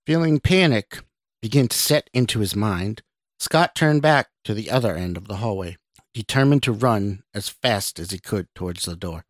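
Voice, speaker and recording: Low-voiced man reading his own horror story. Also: expressive, normal speed, no room sound, studio quality. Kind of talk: scripted narration of a horror story.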